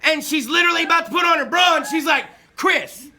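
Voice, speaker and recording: High, bright-voiced crude man storyteller. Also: brisk. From Fresno area, California. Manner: loud, crude, excitable, often shouting and laughing. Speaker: comedian. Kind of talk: stand-up storytelling.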